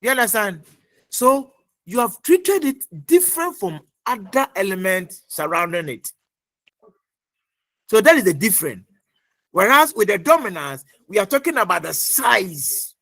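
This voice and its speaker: A middle-aged man lecturing an online class, repeating points and quizzing students with many pauses. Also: high voice, big pitch swings, pushed and bright, dry recording. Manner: repetitive, quizzing, fills pauses with uh.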